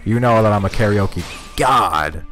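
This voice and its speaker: A man streaming a video game, giving profane, rambling, self-mocking commentary in one steady speaking voice. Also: on the low side, measured pace, soft background music. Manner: talks in one steady voice, cannot scream. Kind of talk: casual live-stream commentary.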